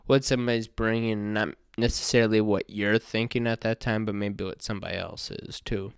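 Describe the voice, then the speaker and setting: A man's voice: fairly low pitch, fairly even intonation, brisk, smooth, dry recording, studio quality. A man co-hosting a casual podcast, joking, ranting and swearing freely. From American Midwest. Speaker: podcast co-host. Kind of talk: casual radio chat.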